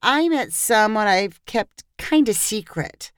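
A woman voicing a timid young woman confessing a secret, speaking weakly in a raised pitch. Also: expressive, slow pace, smooth, no room sound, clean studio sound. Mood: sheepish. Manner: weak, hesitant. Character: shy, sheepish young woman friend.

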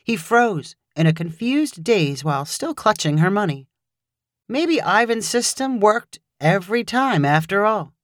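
A woman narrating a short story in a measured, expressive reading voice. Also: mid-range voice, dry recording, clean studio sound.

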